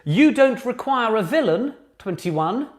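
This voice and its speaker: A man hosting a live online pub quiz for charity, chatty and animated, breaking into sung quote answers now and then. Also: very high voice, unhurried.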